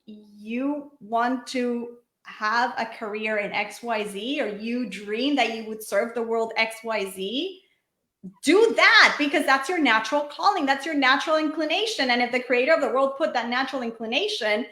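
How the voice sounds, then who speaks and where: Woman, podcast host, emphatic and encouraging, bright high voice, roomy echoey sound. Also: normal speed. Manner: emphatic, encouraging, preachy asides. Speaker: podcast host and money coach. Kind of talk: casual interview chat. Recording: echoey room.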